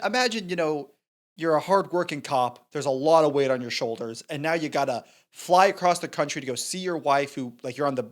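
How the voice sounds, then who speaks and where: A man co-hosting a movie review podcast, chatting animatedly and acting out scenes in silly voices. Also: fairly high pitch. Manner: animated, acts out characters' lines in funny voices. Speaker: podcast co-host. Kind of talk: casual movie review chat.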